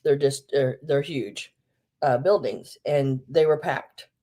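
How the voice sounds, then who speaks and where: A woman's voice: rumbling low, takes it slowly, dark tone. A woman hosting a live vintage sale, chatting casually and rambling with many ums, a bit out of breath. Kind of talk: casual live-stream chat.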